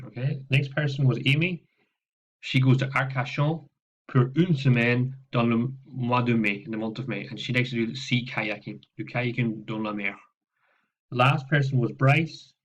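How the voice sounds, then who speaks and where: A man teaching French in a steady, mid-range voice. He explains patiently, repeats himself and keeps checking in with his students. The recording comes through a laptop mic with a slightly muffled, lo-fi sound. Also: mid-range voice, normal speed. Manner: explains patiently with frequent "okay" and repetitions. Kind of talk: recorded classroom lesson walkthrough. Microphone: laptop microphone.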